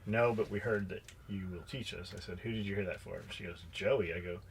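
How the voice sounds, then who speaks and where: A man's voice: sits low, brisk, creaky, slight background noise. A man co-hosting a podcast who bluntly tells a workplace story, swearing often and acting out the dialogue. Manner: blunt, profane, acts out dialogue. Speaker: podcast co-host. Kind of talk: casual storytelling chat.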